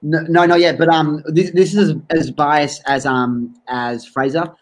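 A man's voice: on the high side, a little slow. A man on a sports panel, telling rambling stories in casual chat. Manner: rambling, animated storyteller.

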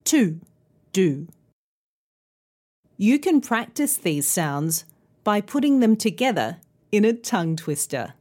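A woman hosting a pronunciation lesson podcast, speaking slowly and carefully enunciating each sound. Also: mid-range voice, very animated, darkish tone. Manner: slow, clear, carefully enunciated teaching. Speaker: pronunciation teacher and podcast host. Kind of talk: scripted instructional podcast.

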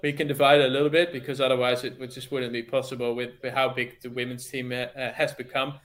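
Dutch man, halting casual talk. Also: mid-range voice, little pitch movement, fairly bright tone. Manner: halting, many restarts and fillers. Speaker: cycling team staff, former pro rider. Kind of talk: casual podcast chat.

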